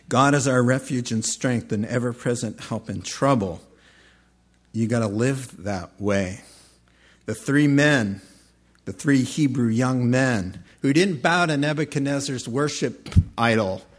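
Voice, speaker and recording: Male pastor, casual animated sermon delivery, mid-pitched voice, acts out quick character lines. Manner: conversational, animated preaching with acted-out voices.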